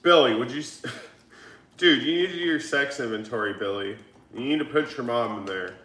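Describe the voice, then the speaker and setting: A man's voice: mid-range voice, normal speed, pushed and bright. A man hosting a livestream, chatting casually and reading viewer comments in a laid-back, joking and profane way. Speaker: livestream host. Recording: echoey room.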